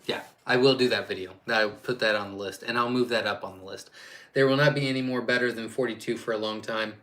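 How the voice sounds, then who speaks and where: A man's voice: lowish voice, steady tone, quick pace, a bit bright. A man hosting a casual live-stream Q&A as a quail farm owner, chatty and rambling, reading viewer questions aloud and answering off the cuff.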